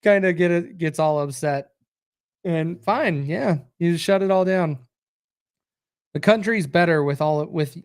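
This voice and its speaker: Tired, rambling American man, fairly high voice. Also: a little mellow, clear, resonant tone. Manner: rambling, reacts aloud to results and chat. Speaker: podcast host. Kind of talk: casual live-stream chat reading viewer comments.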